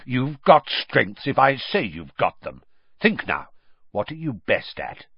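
A man doing a gruff, growling old wizard. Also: mid-range voice, big pitch swings, slow, dry recording, exaggerated voice. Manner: growling, clipped and suspicious. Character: gruff battle-scarred old male wizard. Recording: muffled lo-fi recording.

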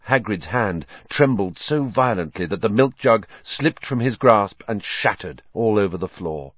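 A man reads a storybook aloud in a low voice, his pitch rising and falling expressively. The recording is dry and slightly muffled. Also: unhurried, hardly any pauses, breathy edge, no room sound. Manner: expressive, varied reading. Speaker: audiobook narrator. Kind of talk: storybook narration.

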